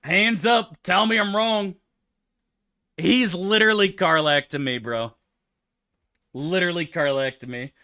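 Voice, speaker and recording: A man's voice: sits high, normal speed, pushed and bright. A man streaming a game, answering his chat in loose, profane, rambling banter. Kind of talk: casual livestream chat, answering chat.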